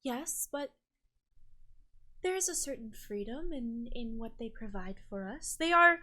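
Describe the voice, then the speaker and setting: Sweet-voiced sinister sisterhood leader, higher pitched, honeyed menace, put on by a woman. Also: expressive, measured pace, pushed and bright, exaggerated voice. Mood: serenely menacing. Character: serene sinister woman leading an island sisterhood.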